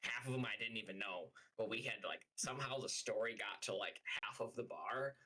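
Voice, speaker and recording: A man's voice: fairly low pitch, normal speed, sharp tone, slight background noise, low-quality recording. A man streaming live, telling a story as a heated, profane rant full of fillers. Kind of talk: casual livestream rant.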